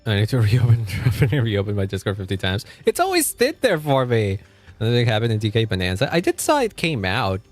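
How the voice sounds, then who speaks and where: Animated swearing young man streamer. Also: on the low side, brisk, faint music behind. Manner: animated, swears freely, laughs often. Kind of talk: casual gaming livestream chat.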